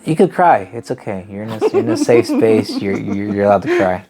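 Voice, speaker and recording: A man's voice: fairly low pitch, huge pitch swings, fairly quick, a crowd in the background. A man co-hosting a casual faith podcast, chiming in with short, supportive and encouraging remarks. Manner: supportive, encouraging, chimes in briefly. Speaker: podcast co-host. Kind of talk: casual religious discussion.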